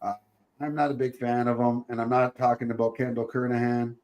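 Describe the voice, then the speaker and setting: A man's voice: medium pitch, flat delivery, brisk, darkish tone. A man hosting a podcast in casual chat, joking, rambling and laughing often. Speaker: podcast host.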